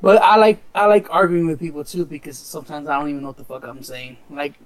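Man talking rough and loose. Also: a little high, fairly even intonation, no echo. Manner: loose, profane storytelling with quick voiced impressions. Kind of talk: casual chat.

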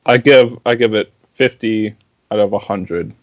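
A man co-hosting a podcast, giving short deadpan quips in casual chat. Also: lowish voice, unhurried, no echo. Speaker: podcast co-host.

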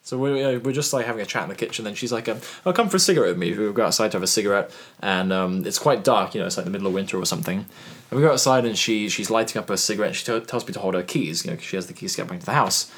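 A man, a podcast guest telling a long story in casual chat, animated and rambling, now and then swearing. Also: fairly low pitch, racing, slightly rough.

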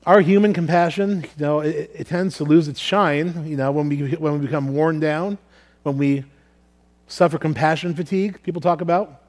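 Earnest male preacher, fairly high voice, halting repeats, sermon delivery. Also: fairly even intonation, darkish tone. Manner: earnest, repeats words while thinking aloud. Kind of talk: sermon with scripture reading.

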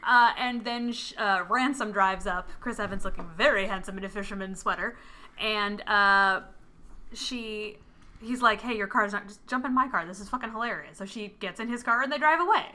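A woman's voice: mid-range voice, normal speed. A woman in casual chat, retelling a film's plot and acting out the characters' lines. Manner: animated, acts out characters' lines while retelling. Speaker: podcast co-host. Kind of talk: casual film recap chat. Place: home with a cat nearby.

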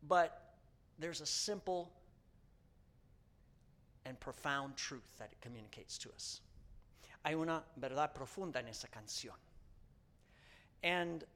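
A man's voice: a little high, a bit bright. A male pastor preaching a sermon, telling a story and repeating each point in a second language. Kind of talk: bilingual sermon.

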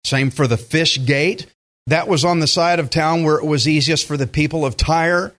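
A pastor, preaching in a conversational style with joking asides. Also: male voice, on the high side, fairly even intonation, normal speed, a bit bright. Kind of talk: sermon.

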